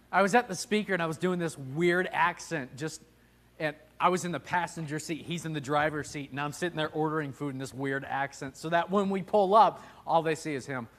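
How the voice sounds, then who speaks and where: A man's voice: on the high side, moderate pace, a bit bright. A man teaching a casual Sunday Bible class, joking and talking with the room and putting questions to the class. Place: church classroom.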